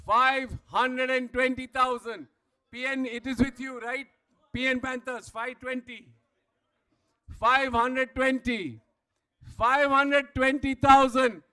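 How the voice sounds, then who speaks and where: A man calls bids at a live player auction, his voice very high and sharp. He works through the numbers slowly and deliberately, repeating each figure and urging the room higher. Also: steady tone, clear, resonant tone. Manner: rapid repetitive bid calling, rising to shouts. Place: event hall.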